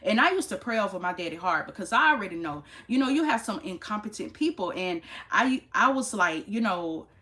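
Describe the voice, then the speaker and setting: A woman's voice: sing-song, fairly quick, hardly any pauses, bright, forceful tone. Exasperated woman nurse ranting to camera. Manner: emphatic and exasperated, jumps into high exclamations; chatty, talks straight to viewers. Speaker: nurse vlogger. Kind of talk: casual storytelling rant to camera.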